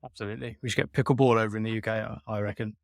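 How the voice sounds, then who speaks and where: A man's voice: fairly low pitch, steady tone, very fast, creaky, dry recording. Man hosting, dry close sound. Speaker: podcast host. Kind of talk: interviewer asking questions.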